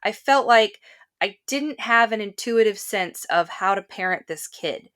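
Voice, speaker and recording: A woman's voice: medium pitch, lively intonation, measured pace, a bit bright. Brief: female podcast host, enthusiastic and agreeing, talks about her own experience. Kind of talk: podcast interview.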